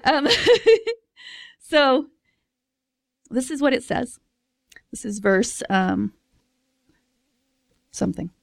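Woman preacher, casual and expressive, fairly high voice, dry close recording. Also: drawn-out words, vocal fry, pauses often, dry recording. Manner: chatty and expressive, laughs often, acts out voices. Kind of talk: casual sermon.

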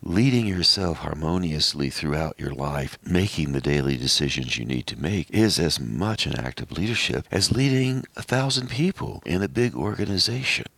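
A man hosting a radio show, speaking in a slow, measured, reflective way. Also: rumbling low, lively intonation, creaky, fairly bright tone, dry recording.

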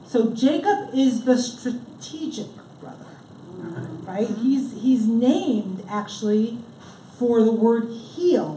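A woman leading a group text study, animated and drawing words out for emphasis. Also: on the high side. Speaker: Torah study teacher. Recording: echoey room with background noise.

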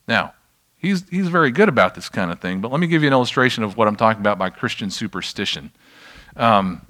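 Low-voiced man preaching casually to a room. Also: sharp tone. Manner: conversational, self-deprecating, checks in with the audience. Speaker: pastor teaching a class. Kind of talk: informal sermon teaching. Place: church room with an audience.

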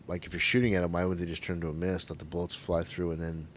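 A man's voice: deep voice, level tone, fast, a little hiss or hum. Sarcastic swearing man in casual chat. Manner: profane, sarcastic, laughing. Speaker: podcast co-host.

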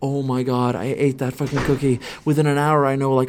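A man's voice: medium pitch, flat delivery, brisk, a little mellow. A young adult man, a stand-up comedian, telling a profane, rambling comic anecdote full of "like" fillers. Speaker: stand-up comedian, podcast guest.

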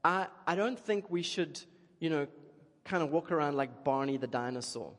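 A man delivers a sermon in a relaxed, animated manner, often checking in with the listeners. His voice is high for a man. A long reverb from a large hall hangs on every phrase. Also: normal speed. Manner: animated, chatty, keeps asking "okay?". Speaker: preacher.

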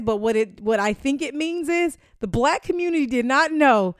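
A woman's voice: sits high, animated, normal speed, few pauses, dry recording, studio quality. A young woman in a candid interview, blunt and outspoken, swearing freely and laughing often. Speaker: interview guest.

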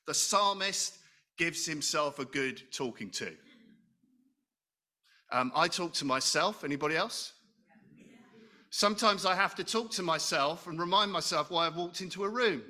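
A man's voice: a little high, measured pace, pauses often, sharp tone. A middle-aged man preaching a sermon in a conversational way, asking the congregation questions and joking about himself. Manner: conversational, asks the congregation questions, self-deprecating humor.

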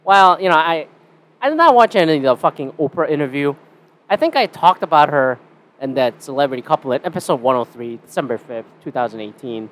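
A man's voice: fairly high pitch, animated, brisk, a bit bright. A young Canadian man hosting a casual solo podcast, rambling and swearing with a sarcastic edge. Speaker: podcast host.

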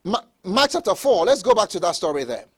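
A man with a high voice preaches in a lively, swooping way. He repeats words for emphasis and pushes up to shouted peaks, then drops back. His delivery is that of a pastor working the congregation. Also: brisk, breathy edge. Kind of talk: sermon.

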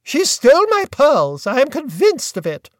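Casting: male narrator playing an imperious older aunt, loud and commanding, dry close sound. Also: very high-pitched, huge pitch swings, normal speed, dry recording, pitched above the performer's own voice, full character voice. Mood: haughty. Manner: snapping, scornful, haughty.

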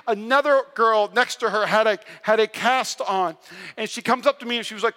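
Bright, high-voiced man preaching a sermon. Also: a little fast. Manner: energetic storytelling with self-deprecating humor. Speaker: pastor. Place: large church hall. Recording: long reverb of a large hall.

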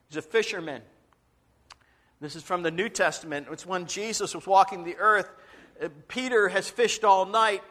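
A man's voice: sits high, a bit bright. A male pastor preaching a sermon, telling stories dramatically and acting out the voices, sometimes dropping to a whisper.

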